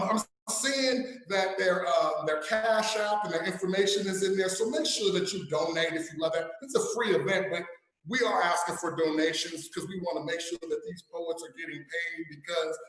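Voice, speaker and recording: Man from California hosting a live poetry show, casual and chatty, fairly high voice, very echoey room. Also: fairly bright tone. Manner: loose and chatty, with many fillers. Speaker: event host. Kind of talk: casual emcee talk at a live poetry event.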